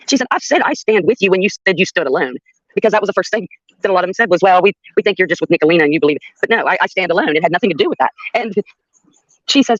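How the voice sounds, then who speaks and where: A woman's voice: medium pitch, expressive, rapid-fire, no room sound, dull audio. An older woman telling a story on her livestream in a blunt, profane way, with laughs between her sentences. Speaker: livestream host. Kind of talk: casual storytelling.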